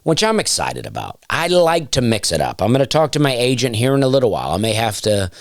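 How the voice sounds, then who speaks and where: A man with a smooth baritone voice, hosting a casual solo comedy podcast, rambling with dry, self-deprecating asides and plenty of fillers. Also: sing-song, quick pace, dry recording. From Alabama. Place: home, during nap time.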